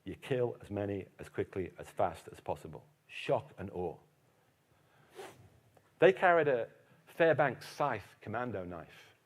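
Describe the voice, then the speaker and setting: A man from Britain giving a keynote history lecture, telling anecdotes in a lively, animated way. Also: lowish voice, measured pace.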